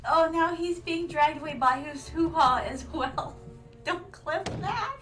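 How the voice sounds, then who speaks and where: Over faint background music, a vtuber streamer reacts live in a theatrical, regal style, calling her viewers "my darlings" and slipping in Japanese fillers. Her voice sits high and a bit bright, and she speaks slowly.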